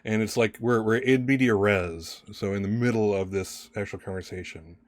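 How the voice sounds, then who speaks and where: A man narrating as game master, chatty and quick to laugh. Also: fairly low pitch, no echo, clean studio sound. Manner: chatty, laughs often, restarts.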